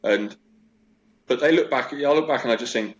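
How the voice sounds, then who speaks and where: A man's voice: mid-range voice, normal speed, highs cut off. A man in his forties, a guest in a casual interview, chatting and telling stories with lots of fillers. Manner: chatty, animated storytelling with many fillers.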